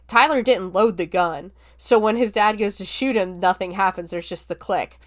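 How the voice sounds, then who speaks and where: A woman's voice: medium pitch, moderate pace. A young woman podcast host casually recapping and reviewing a film, chatty and full of filler words, swearing now and then. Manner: chatty, heavy use of "like", relaxed swearing.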